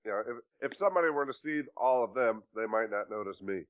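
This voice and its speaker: A man's voice: fairly low pitch, animated, quick pace, lo-fi sound. A man playing in a tabletop game, chatty and laughing. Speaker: player. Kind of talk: casual tabletop play.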